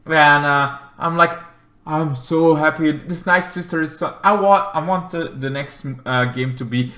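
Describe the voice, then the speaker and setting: A man recapping a video game in a rambling, excitable way, swearing often and acting out the characters in big voices. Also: fairly high pitch, measured pace, echoey room. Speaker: game reviewer.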